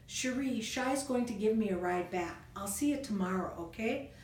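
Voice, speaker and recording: A woman's voice: mid-range voice, expressive, normal speed, a little mellow, natural voice. Woman doing a kind, loyal Minnesotan dog. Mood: friendly, reassuring. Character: kind, loyal male French bulldog with big ears. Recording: roomy room, distant mic, faint noise.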